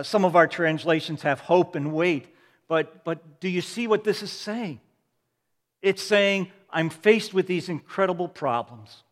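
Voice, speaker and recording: A man's voice: on the high side, fairly bright tone. A man preaching a sermon as a pastor, with repeated refrains and swells of emphasis. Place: church sanctuary. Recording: long reverb of a large hall.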